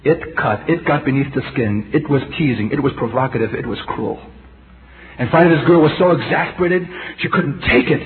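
A man's voice: medium pitch, a little fast. A middle-aged man delivers a sermon with intense emphasis, his voice sinking to a near whisper and then surging. He speaks in an ordinary middle register and keeps turning to the congregation with rhetorical questions. The sound is thin and phone-like, with a light hiss underneath. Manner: intense, emphatic, swings between loud and hushed. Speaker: preacher. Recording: tinny lo-fi tape with faint hiss.

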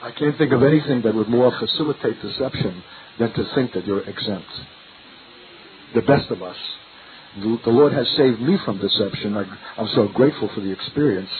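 Older man preaching over a tinny line. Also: medium pitch. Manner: earnest, searching, rhetorical questions. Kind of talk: sermon. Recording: tinny lo-fi recording with faint hiss.

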